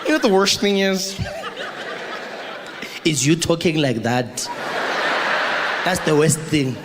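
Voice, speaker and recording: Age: adult. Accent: South African. Sex: man. Role: animated stand-up comedian. Sound: noisy live stage. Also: a little high, takes it slowly, big-room sound. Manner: animated, loud character voices, acted-out quotes. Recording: live room noise.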